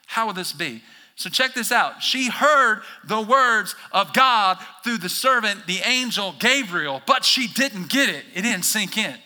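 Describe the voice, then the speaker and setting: Bright, animated preaching man. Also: high voice, unhurried. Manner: swings from quiet to shouted bursts, acts out listeners' reactions. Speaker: pastor. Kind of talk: energetic sermon. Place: church.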